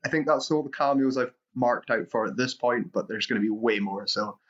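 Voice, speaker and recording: A man's voice: medium pitch, brisk, fairly bright tone, lo-fi sound. A man co-hosting a podcast, chatting casually about a film, rambling and swearing, restarting his sentences. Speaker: podcast co-host. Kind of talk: casual film-review chat.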